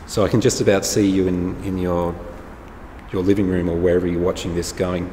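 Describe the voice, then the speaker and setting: A man's voice: low-pitched, level tone, brisk, warm tone. Male preacher, plain-spoken sermon, roomy echoing space. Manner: plain-spoken, informal and explanatory. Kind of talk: conversational sermon to an online congregation. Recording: echoey hall with faint background noise.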